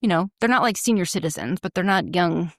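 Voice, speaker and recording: A podcast co-host with a lowish voice tells a story fast in casual chat, animatedly acting out what people said. The studio-quality recording has no echo.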